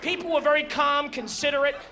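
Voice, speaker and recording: High-voiced ranting male comedian. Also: fairly even intonation, a little fast, some chatter behind. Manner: exasperated, ranting, shifts into loud shouts. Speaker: stand-up comedian. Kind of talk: stand-up comedy set. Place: comedy stage before a live audience. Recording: live show with audience laughter and noise.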